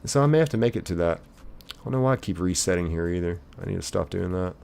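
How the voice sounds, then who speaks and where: A man's voice: low voice, animated, fast talker, gravelly, a little mellow, slight background noise. A man streaming live, casually reading viewers' chat messages aloud in a chipper lilt and chatting back.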